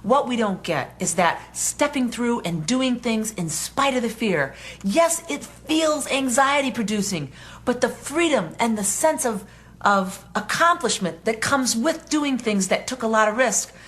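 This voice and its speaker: A woman's voice: on the high side, lively intonation, measured pace, a bit bright. A woman giving a motivational self-help talk on anxiety, speaking earnestly in a conversational, storytelling way.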